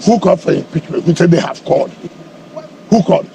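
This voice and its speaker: A man's voice: a little high, fast, creaky, background noise. A middle-aged man from Nigeria, a politician answering in a heated media interview, combative and repeating his questions for emphasis.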